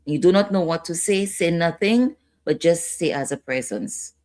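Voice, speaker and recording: A woman's voice: on the low side, moderate pace, dark tone. A woman instructor giving a training lecture, repeating key points and checking in with her listeners.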